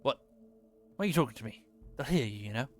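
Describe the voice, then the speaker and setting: A man's voice: animated, quick pace, faint music behind, natural voice. A man voicing a jumpy, paranoid male character in a video game, talking in a nervous, defensive way. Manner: nervous, defensive, raised pitch.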